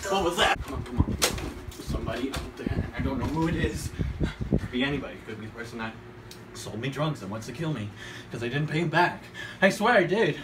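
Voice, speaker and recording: Woman playing a rambling reckless aunt, low voice, big pitch swings, comedy sketch, distant echoey noisy recording. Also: expressive, brisk. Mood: hushed. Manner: rambling, erratic, oddly dark jokes. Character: chaotic reckless aunt babysitter, adult woman. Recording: echoey room, far from mic, loud noise.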